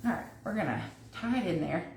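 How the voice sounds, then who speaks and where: A chatty woman talks viewers through a craft project live from her home kitchen, thinking aloud as she works. Her voice sits at an ordinary pitch and is picked up from a few steps away. The room is echoey, with a faint hiss underneath. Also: lively intonation, brisk, creaky, darkish tone. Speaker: crafter hosting a livestream. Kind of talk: casual live craft demo, talking while working. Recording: echoey room, mic at a distance, faint noise.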